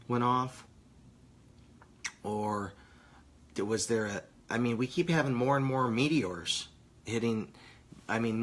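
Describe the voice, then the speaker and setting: A stoned man rambling through a casual live vlog, swearing and bantering with viewers, sometimes dropping to hushed asides. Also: medium pitch. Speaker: vlogger.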